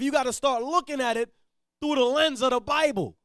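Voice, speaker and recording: A man leading a Bible reading and preaching bluntly, dropping to low mutters, then shouting his points. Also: fairly quick, dry recording, clean studio sound. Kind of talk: street-style Bible teaching.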